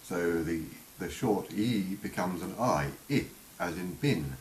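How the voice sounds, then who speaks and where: A man giving an unscripted spoken lesson on vowel sounds, halting with many fillers and voicing each sound slowly. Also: low voice. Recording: roomy with faint hiss.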